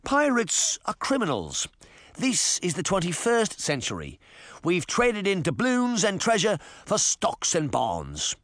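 A man's voice: high voice, wildly swooping pitch, a little slow, fairly bright tone, no echo, studio quality, voice pushed up, exaggerated voice. A man voicing an old, gray-haired pirate boss who talks in a pompous, self-satisfied way in a storybook reading. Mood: smug.

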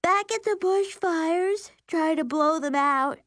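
A woman reading an audiobook, voicing a serious, sleepless young sister who talks slowly and earnestly. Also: very high-pitched, a bit bright, no echo, clean studio sound, voice pushed up, heavily acted. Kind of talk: audiobook character voice.

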